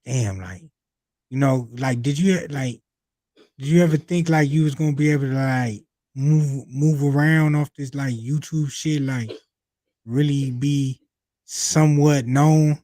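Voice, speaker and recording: A man hosts a casual interview show, winding into his questions with lots of fillers. His voice is mid-pitched. The sound is dry and close. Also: measured pace, dark tone, no echo. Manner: rambling, filler-heavy questions. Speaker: podcast host.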